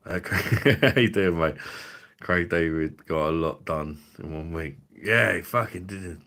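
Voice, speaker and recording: A man with a low, deep voice hosting a loose livestream, chatting straight to his viewers. He swears freely, jokes crudely and greets people from the chat by name. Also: normal speed, a bit bright. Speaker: livestream host.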